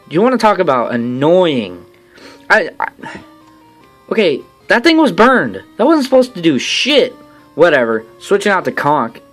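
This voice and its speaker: A young man swearing and joking sarcastically as he narrates his own game battle in a voice-over. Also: medium pitch. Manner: swearing, sarcastic, excitable, swings between shouts and mutters. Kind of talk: profane gameplay commentary voice-over. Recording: faint game music behind.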